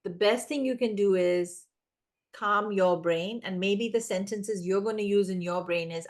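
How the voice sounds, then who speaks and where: A woman giving parenting advice in casual conversation, animated and acting out the voices of children and parents. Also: mid-range voice, a little slow. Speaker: parenting guest expert.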